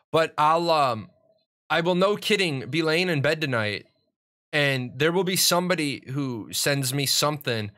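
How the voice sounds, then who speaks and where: Middle-aged guy for a casual gaming stream: bright, forceful voice pitched a touch high, rambling and cussing. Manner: rambling and profane, with frequent restarts. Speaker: streamer and gaming network owner. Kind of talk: casual livestream chat.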